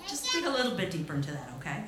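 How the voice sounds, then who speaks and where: A woman's voice: lowish voice, sing-song, very fast. A woman co-leading a church talk, playful and affirming, speaking to a congregation. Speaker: co-minister. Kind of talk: sermon talk. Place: church sanctuary. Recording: roomy hall sound.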